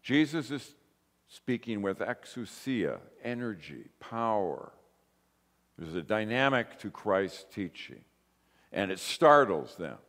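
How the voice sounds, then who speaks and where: A male pastor giving a conversational sermon in a church, mostly calm, rising to emphatic bursts. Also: on the low side, takes it slowly. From grew up in a Pentecostal church. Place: church sanctuary. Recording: long hall reverb.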